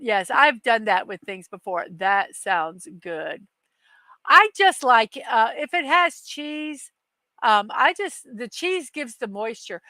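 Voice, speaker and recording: Middle-aged lady doing her morning show, bright chatty voice, upbeat and rambly, dry close sound. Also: fairly high pitch, no room sound. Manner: chatty and upbeat, many fillers and asides, reads viewer comments aloud. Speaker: host of a daily morning show. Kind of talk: casual live-stream chat.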